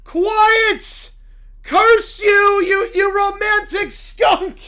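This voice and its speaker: A woman voicing a furious male bear cult leader who shouts and wails melodramatically. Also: extremely high pitch, fairly even intonation, very slow, voice pushed up, exaggerated voice. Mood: despairing.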